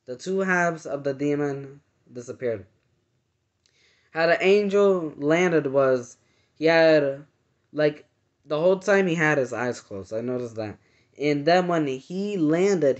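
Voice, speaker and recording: A man earnestly recounting a dream in casual, halting speech full of fillers and restarts. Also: a little high, animated. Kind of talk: casual personal storytelling. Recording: dull lo-fi sound.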